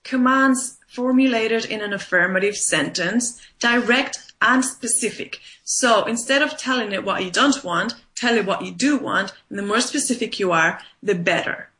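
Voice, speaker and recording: A woman's voice: fairly high pitch, moderate pace, few pauses, sharp tone. A woman life coach explaining her method in an interview, emphatic and repeating points for stress. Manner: emphatic, repeats points with "right?" and "you know". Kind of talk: conversational interview.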